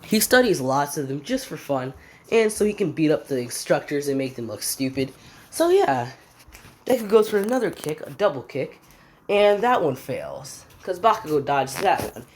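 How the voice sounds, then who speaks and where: A woman with a low voice narrates a fan story in an offhand, slangy ramble. Her pitch climbs and drops a lot as she talks, as if making it up while she goes. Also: big pitch swings, moderate pace, a little mellow.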